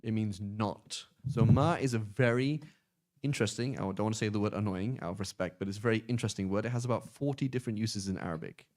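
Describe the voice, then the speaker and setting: Low-voiced English man teaching Arabic. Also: fast talker. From England. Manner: pedantic, explains with lively examples. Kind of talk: online class teaching.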